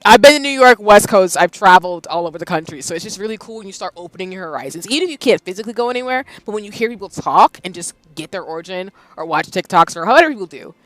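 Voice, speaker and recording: A streamer from the American South talks in a bright, forceful voice and keeps the chat lively with easy laughter. The sound is dry and close, as if from a desk mic at home. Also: medium pitch, no echo. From Southern United States. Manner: chatty, animated, quick to laugh. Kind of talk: casual chat on a live stream.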